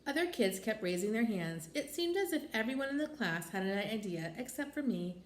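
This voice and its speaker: A woman reads a children's chapter book aloud with a lively, fairly high voice that rises and falls a lot. The recording sounds roomy and echoey, with faint noise underneath. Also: brisk. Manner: expressive. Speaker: storybook reader.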